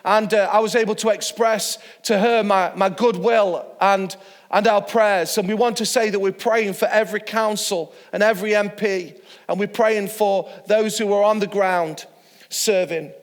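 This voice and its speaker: High-voiced pastor preaching in a hall. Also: male voice, fairly even intonation, normal speed. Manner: warm storytelling with chuckles. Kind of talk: online church sermon.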